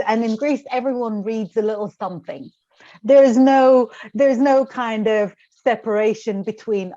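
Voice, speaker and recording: A woman's voice: fairly high pitch, darkish tone, highs cut off. A woman in her forties, a tarot reader being interviewed, telling stories in a chatty, wry, self-mocking way. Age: 40s. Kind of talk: casual storytelling interview.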